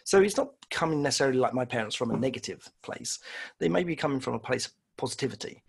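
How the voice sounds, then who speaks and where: A man's voice: medium pitch, lively intonation, quick pace, creaky, slightly rough. A man, a guest on an interview, telling casual, rambling, self-deprecating stories and acting out the voices of people he quotes. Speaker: illustrator guest. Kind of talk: casual storytelling in conversation.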